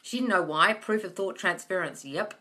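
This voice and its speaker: Blunt sweary woman, bright voice. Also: fairly low pitch, moderate pace. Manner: blunt, sweary, emphatic, calls listeners darling and guys. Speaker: manifesting coach hosting a live Q&A. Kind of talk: blunt casual live-stream advice. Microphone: phone or webcam on a live stream.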